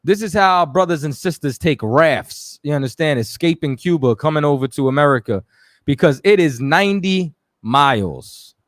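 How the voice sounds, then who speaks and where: A man's voice: a little high, expressive, normal speed, no room sound, studio quality. A man from New York hosting a talk radio show, loose and chatty, often checking in with his listeners. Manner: loose, chatty, keeps saying "you know what I'm saying".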